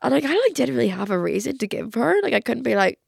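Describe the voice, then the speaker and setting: A 21-year-old woman with a cold, chatting in a rambling solo podcast monologue full of "like", her voice croaky. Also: a little high, big pitch swings, fast talker, dry recording, clean studio sound. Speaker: podcast host. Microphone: podcast microphone.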